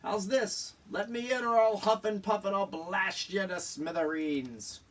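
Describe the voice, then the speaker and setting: An actor playing a blustering pirate captain in a cartoon, with gruff pirate talk and loud exclamations. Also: male voice, high-pitched, measured pace, distant mic. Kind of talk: cartoon voice acting.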